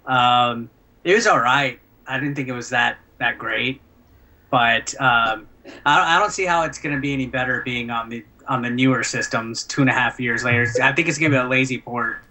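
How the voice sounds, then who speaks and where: A man co-hosting a casual gaming chat, talking in halting, filler-heavy bursts. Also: mid-range voice, sharp tone, poor audio. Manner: hesitant, lots of fillers and restarts. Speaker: co-host.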